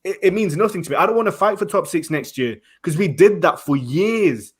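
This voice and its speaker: A man's voice: high voice, animated, brisk, slightly rough. A man debating football as a fan pundit, ranting heatedly and firing off rhetorical questions. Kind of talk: passionate casual debate.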